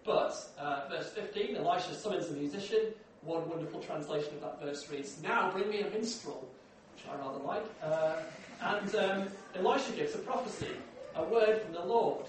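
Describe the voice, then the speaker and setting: A man's voice: on the high side, moderate pace, few pauses, a little hiss or hum. A man preaching a sermon in a conversational way, often asking the room questions. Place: large echoey church hall. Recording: echoey hall from far off.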